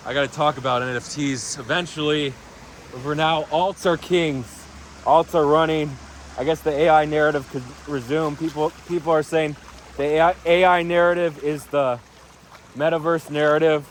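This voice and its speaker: A man's voice: on the high side, a little hiss or hum. Rambling man with a casual vlog voice. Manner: rambling, offhand, swears casually. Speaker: crypto vlogger.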